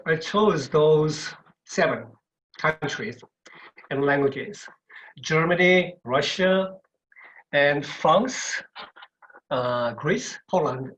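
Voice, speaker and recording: A man's voice: a little high, a bit bright. A man lecturing in an online webinar, repeating words and checking in with "okay" as he goes. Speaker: university lecturer. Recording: dull lo-fi webinar audio.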